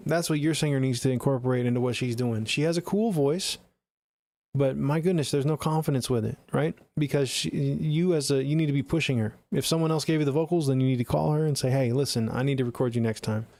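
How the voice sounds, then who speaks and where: A man's voice: a little high, fairly even intonation, a little fast, darkish tone, dry recording. A man streaming live, giving blunt, profane, chatty feedback on listeners' songs into a close studio mic. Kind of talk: casual live-stream critique.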